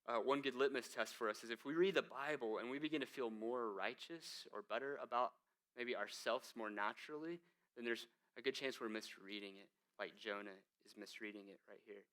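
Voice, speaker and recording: A man's voice: medium pitch, a little fast, fairly bright tone. A male lead pastor preaching a conversational sermon, full of rhetorical questions and emphatic asides.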